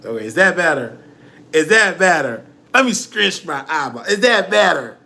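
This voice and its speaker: A man's voice: fairly high pitch, big pitch swings, normal speed, gravelly, bright, forceful tone. A man hosting a livestream, ranting dramatically and preachily, often crying and quoting scripture. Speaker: livestream host. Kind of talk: emotional livestream rant.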